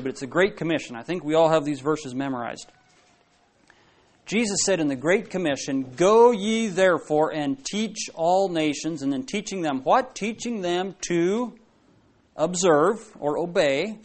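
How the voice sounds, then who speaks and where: A man delivering a sermon in a loose, conversational style. His voice sits a little higher than most men's, and he keeps putting questions to the congregation and backing up mid-sentence. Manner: conversational, asks the congregation questions, many restarts. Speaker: preacher.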